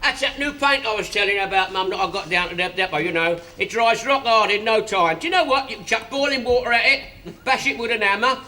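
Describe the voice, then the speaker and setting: A man's voice: high voice, fast talker, sharp tone. A man in a 1970s sitcom, trading cheeky jokes about paint. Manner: cheeky, jokey banter. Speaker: sitcom character, bus driver son.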